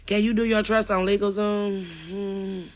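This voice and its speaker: A woman's voice: mid-range voice, flat delivery, measured pace. A middle-aged woman hosting a livestream, casually reading and answering viewer comments and addressing them as y'all.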